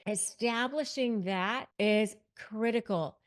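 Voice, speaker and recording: A woman's voice: a little high, measured pace, hardly any pauses. Emphatic woman coaching straight to camera. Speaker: lawyer and negotiation coach. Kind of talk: direct-to-camera advice talk.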